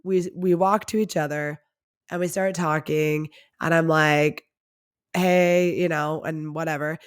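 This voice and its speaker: A woman's voice: deep voice, fairly even intonation, a little slow, smooth. A woman hosting her own podcast, telling a personal story in a candid, confessional way with lots of casual filler words. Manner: chatty and confessional, heavy use of "like". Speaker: podcast host.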